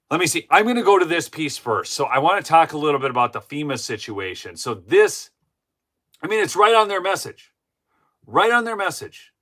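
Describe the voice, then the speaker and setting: A man's voice: on the high side, a bit bright. A man from Minnesota, hosting an opinionated solo commentary show and talking heatedly and indignantly straight to his viewers. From Minnesota, USA. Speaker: political commentary show host.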